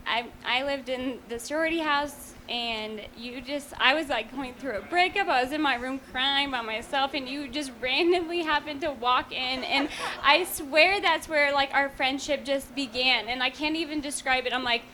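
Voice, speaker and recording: A woman's voice: high voice, normal speed, bright, forceful tone, a little hiss or hum. A young woman giving an earnest, rambling rehearsal dinner toast to her close friend, with many fillers.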